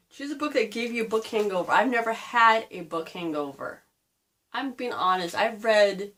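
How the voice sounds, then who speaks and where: A woman's voice: a little high, a bit bright. A woman in her thirties, a book vlogger chatting casually, rambling off on tangents and laughing at herself. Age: 30s. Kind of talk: casual chat.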